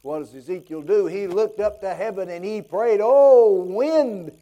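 Pastor, male, high and mellow, impassioned sermon delivery with rhetorical questions. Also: moderate pace.

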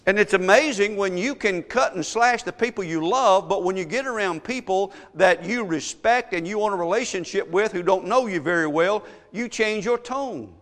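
A man delivers an emphatic sermon from the pulpit, his voice sitting high for a man. He presses his points with strings of rhetorical questions. The sound carries a long church-hall reverb. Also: normal speed, few pauses, a bit bright. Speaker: pastor.

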